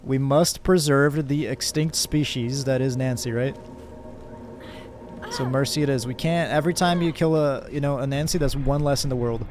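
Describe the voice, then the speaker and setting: A man's voice: mid-range voice, steady tone, normal speed, darkish tone, a little hiss or hum. A young man from Brazil streaming a game, chatting casually with viewers, thanking them by name and rambling with fillers and laughs.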